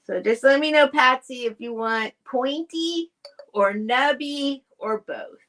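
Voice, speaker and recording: A woman's voice: high-pitched, takes it slowly, fairly bright tone. A woman hosting a live stream from a home setup. She chats casually and directly to viewers, rambling and restarting her sentences. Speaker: host selling vintage items on a live stream. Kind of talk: casual live sale chat.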